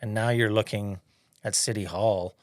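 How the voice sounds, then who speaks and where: Lower-voiced man hosting a relaxed interview. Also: normal speed, no room sound, studio quality. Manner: relaxed, conversational, with fillers. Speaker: podcast host. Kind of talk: casual interview conversation.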